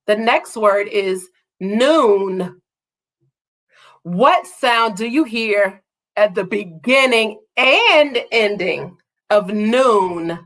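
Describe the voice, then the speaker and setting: A woman teaching an online phonics lesson to young children, speaking slowly and praising every answer. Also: a little high, fairly bright tone. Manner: slow, drawn-out and encouraging, praising each answer.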